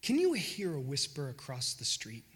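A man preaching a sermon who repeats phrases for emphasis, builds to loud peaks and drops into whispers. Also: medium pitch, wildly swooping pitch, normal speed, husky, long reverb tail.

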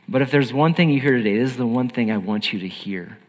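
Guy preaching a sermon, earnest and emphatic, mid pitch, echoing like a big hall. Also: fast talker. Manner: earnest, emphatic, swings between loud and hushed.

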